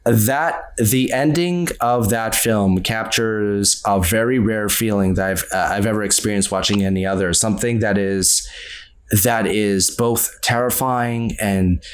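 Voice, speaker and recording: A man co-hosting a podcast, talking through his favorite movies in casual chat, earnest and quick to laugh. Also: on the low side. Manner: earnest, animated, laughs often. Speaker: podcast co-host.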